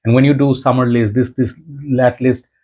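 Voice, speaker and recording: A man's voice: medium pitch, normal speed. A man, giving a rambling, reflective casual vlog monologue as a fragrance YouTuber. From Bangladesh. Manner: rambling, reflective, animated when telling a story. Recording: dull lo-fi recording.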